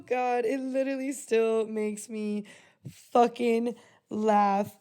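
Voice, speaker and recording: A young woman hosting a podcast, telling a personal story in a casual, profane, animated way with frequent laughter. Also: fairly high pitch, slow pace. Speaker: podcast host.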